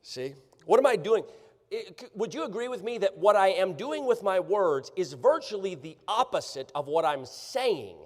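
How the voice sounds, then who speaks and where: A man preaching a sermon, sarcastic and animated, often checking that the congregation follows him. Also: high-pitched, moderate pace. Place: church sanctuary. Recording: church livestream, long hall reverb.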